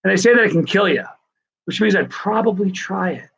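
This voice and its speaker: A man's voice: sits high, fairly quick, vocal fry, fairly bright tone, highs cut off, a little hiss or hum. Enthusiastic man rambling on a stream. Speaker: live-stream host. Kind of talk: casual live-stream chat.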